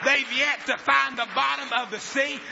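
Preacher voicing an exultant old father, shouting praise; bright, high male voice on lo-fi tape. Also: fairly even intonation, moderate pace, gravelly, a faint crowd, slight background noise, heavily acted. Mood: joyful. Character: joyful old Bible-reading father. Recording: dull lo-fi sermon recording.

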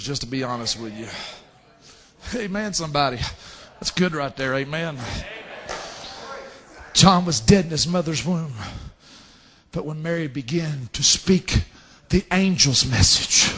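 A man preaching a fervent sermon, dropping to hushed asides and rising to shouted scripture. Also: a little high, lively intonation, a little slow, pauses often.

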